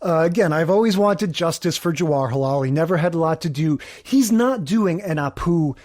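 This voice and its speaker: A man's voice: a little high, expressive, moderate pace, a little mellow. A man co-hosting a podcast in casual chat, hedging his views with fillers like "you know". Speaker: podcast co-host.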